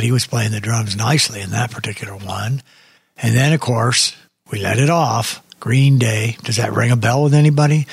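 An older man hosts a music show in a loose, rambling, chatty way. His voice is gravelly with a deep raspy edge, and it sounds close and dry. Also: no room sound. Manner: rambling, chatty, wanders off on tangents. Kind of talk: casual radio show chat.

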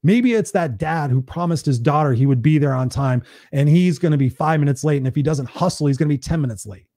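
A man's voice: on the high side, brisk, mellow, no echo, studio quality. A man hosting a live stream, giving a blunt, preachy motivational talk in a casual, conversational way and swearing freely.

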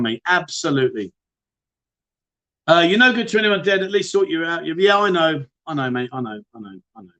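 A man's voice: fairly high pitch, fairly bright tone. A man with a British accent hosting a casual livestream, reading out viewer questions and answering in a chatty, matey way. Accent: British English. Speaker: livestream host.

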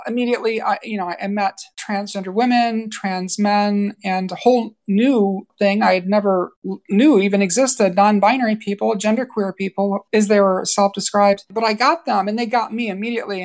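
A woman's mid-pitched voice with a gravelly, creaky edge. She is a guest from New York on a podcast interview. She tells her own story openly and earnestly, often stopping to restart a phrase. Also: a little mellow. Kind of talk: candid personal interview.

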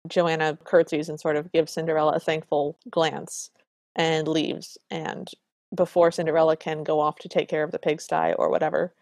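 A woman's voice: low-pitched, little pitch movement, normal speed, gravelly, darkish tone, dry recording, clean studio sound. A woman co-hosting a podcast, casually recapping a film with enthusiastic, playful commentary and fan theories. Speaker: podcast co-host.

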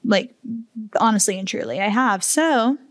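A woman hosting a solo podcast, talking slowly and candidly with open emotion and casual swearing. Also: mid-range voice, lively intonation, no echo. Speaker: podcast host. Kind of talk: heartfelt solo podcast talk.

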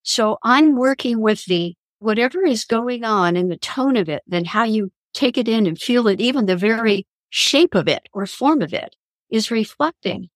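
A woman's voice: a little high, lively intonation, normal speed, no room sound. Earnest woman sharing spiritual stories. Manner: earnest, reflective, spiritual storytelling. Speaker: guest, author and columnist. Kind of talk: podcast interview, personal storytelling.

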